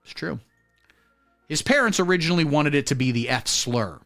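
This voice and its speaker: A man delivering a satirical comedy monologue in a mock-serious, deadpan way, breaking into loud announcements. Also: a little high, normal speed, vocal fry, soft background music. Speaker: comedy streamer.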